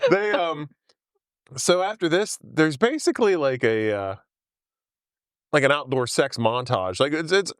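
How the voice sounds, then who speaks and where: A man's voice: a little high, sing-song, measured pace, long pauses, no echo, clean studio sound. A man casually recapping a film on a podcast, rambling with many fillers and frequent laughs. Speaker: podcast host. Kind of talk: casual movie recap chat.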